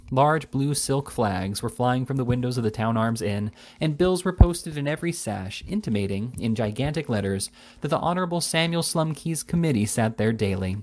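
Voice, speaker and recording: A man reading a classic novel aloud with a lively, theatrical delivery. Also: medium pitch. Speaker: audiobook reader.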